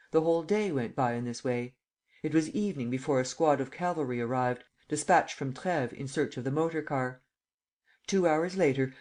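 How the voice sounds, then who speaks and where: A man narrating an adventure novel in a steady, measured way. His voice sits at a middling pitch, and he reads evenly between the characters' lines. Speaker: audiobook narrator. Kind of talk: scripted narration.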